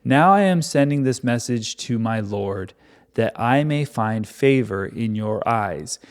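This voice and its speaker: A man's voice: mid-range voice, animated, a little slow. A man reading a Bible chapter aloud and breaking off for casual, joking commentary. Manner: irreverent, joking asides between readings.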